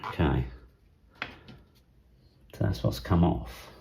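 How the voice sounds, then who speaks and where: A middle-aged man from England giving casual hobby unboxing commentary, thinking aloud in a soft, half-whispered way with plenty of fillers. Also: deep voice, slow pace, creaky, a little hiss or hum. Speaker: model railway vlogger.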